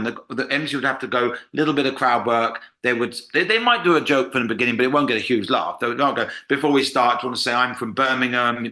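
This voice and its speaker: An English man, a comedian, chatting casually on a podcast and acting out quotes as he tells stories. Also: mid-range voice. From England. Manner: animated storyteller, acts out quotes. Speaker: comedian guest.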